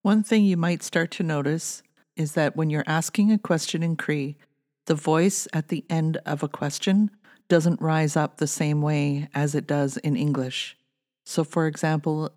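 A woman narrating a recorded language course, giving calm, clear instructions between the practice phrases. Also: low-pitched. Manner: calm, clear teaching delivery.

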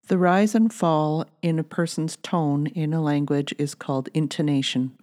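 A woman narrating a recorded language course, giving calm, clear instructions between the practice phrases. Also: low voice, moderate pace. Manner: calm, clear teaching delivery.

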